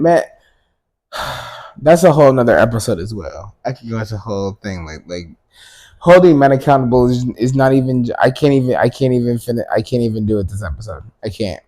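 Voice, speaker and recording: A man's voice: on the low side, a little mellow. A man hosting his own podcast, talking bluntly in a casual rant. He swears often, piles up fillers and restarts, and his voice jumps up when he makes a point. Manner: blunt, profane, filler-heavy with sudden emphatic rises. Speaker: podcast host.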